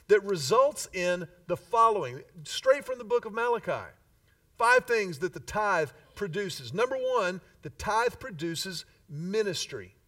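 A middle-aged man delivers a sermon in a folksy, storytelling way, leaning hard on key words. His voice sits high for a man. He sounds a little distant from the microphone. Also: fairly bright tone. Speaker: pastor.

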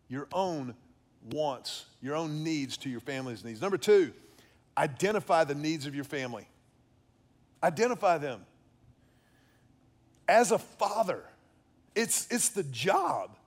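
A middle-aged man giving an earnest faith-based teaching on fatherhood, often repeating and restarting words. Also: on the high side. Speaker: preacher on fatherhood.

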